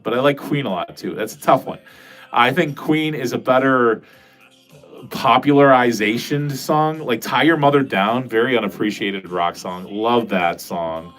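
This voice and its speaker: A man's voice: mid-range voice, fairly bright tone. Guy rambling on his livestream from the basement, cursing and joking at himself, faint music in the back. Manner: rambling, profane, self-deprecating. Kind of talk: casual livestream chat, reading out comments. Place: home basement.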